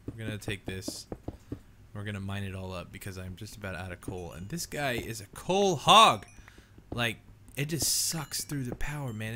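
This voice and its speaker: A man's voice: fairly low pitch, sharp tone, a little hiss or hum. A young man hosting a gaming channel, giving casual let's play commentary at home in a rambling, easygoing way. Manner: rambling, easygoing, says "man" and "dude" a lot.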